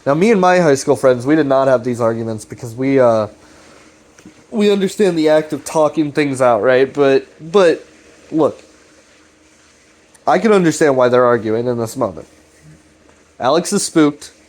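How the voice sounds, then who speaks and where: A man's voice: mid-range voice, animated, moderate pace, pauses often, a little mellow. Young man rambling, profane and loose. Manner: profane, loose, full of fillers. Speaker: video commentator. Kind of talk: casual rambling recap commentary.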